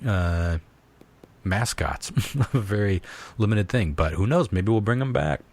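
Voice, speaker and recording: Male podcast host, lowish, very lively delivery, frequent laughter, salty language, dry close sound. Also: a little slow, dry recording. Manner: laughs often, swears freely, animated. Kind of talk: casual podcast chat.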